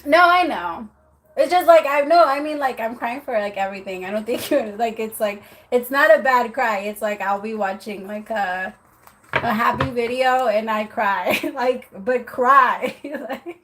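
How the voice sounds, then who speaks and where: A woman's voice: on the high side, measured pace, a bit bright, slight background noise, rough recording. A woman giving tarot readings on a live stream, chatty and apologetic, laughing often. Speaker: tarot reader.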